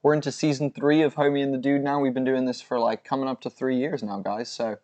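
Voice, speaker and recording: A man's voice: mid-range voice, fairly even intonation, quick pace, a little mellow, dull audio. A man co-hosting a fight watch-along stream, signing off with rambling, effusive thanks and plenty of fillers. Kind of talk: casual livestream sign-off chat.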